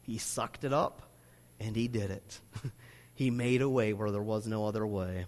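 A man preaching a sermon as pastor, talking in a loose, conversational way with lots of fillers, then pushing into loud, emphatic stretches. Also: lowish voice, fairly even intonation, normal speed. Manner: conversational preaching full of "you know" fillers, rising to loud emphatic bursts. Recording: long hall reverb.

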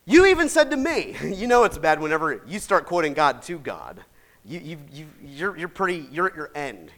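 A man preaching a sermon in a folksy, chatty way, laughing often and swinging from shouts to soft asides. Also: fairly high pitch, sing-song, normal speed. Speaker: pastor.

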